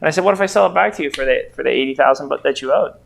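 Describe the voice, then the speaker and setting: A man's voice: a little high, racing, creaky. A middle-aged man, a real estate investor and trainer, telling rambling anecdotes full of quoted dialogue to a training group. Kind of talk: casual storytelling to a training group.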